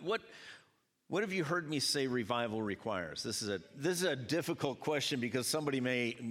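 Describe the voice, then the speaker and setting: A man preaching a sermon to a congregation, chatting with the audience as he goes. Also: medium pitch. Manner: lively, conversational preaching with audience banter. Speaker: pastor. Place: church sanctuary. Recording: long hall reverb.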